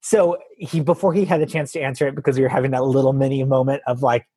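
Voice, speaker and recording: A man with a husky voice, a guest telling an animated story in casual chat and acting out the quotes. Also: mid-range voice, fast talker, no echo.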